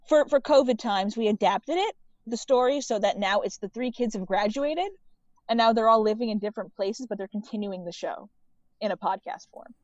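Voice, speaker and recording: Her voice sits in the mid-range at a moderate pace, a little mellow, as this woman, a guest writer and filmmaker on a podcast, chats easily with lots of "like" fillers and frequent laughter. The recording sounds dry, dull and muffled.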